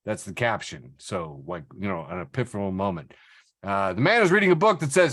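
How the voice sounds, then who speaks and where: A man hosting a casual podcast, reading social media posts aloud and laughing between jokes. His pitch swings widely as he talks, and the sound is close and dry with no room echo. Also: lively intonation, normal speed, a bit bright. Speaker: podcast host. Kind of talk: casual chat.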